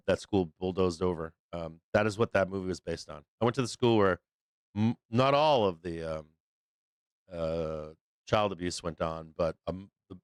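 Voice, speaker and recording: A man's voice: lowish voice, clear, resonant tone, no room sound. A man from Boston hosting a live stock market show, talking off the cuff in a rambling, profane way. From Boston, USA. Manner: rambling, profane, with frequent fillers. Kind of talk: casual livestream chat.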